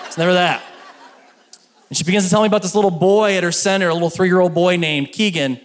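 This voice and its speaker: A middle-aged man from Kentucky telling a stand-up story on stage, with animated punchlines. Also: fairly high pitch, quick pace. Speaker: stand-up comedian. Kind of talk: stand-up routine, then interview. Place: stage before a live audience.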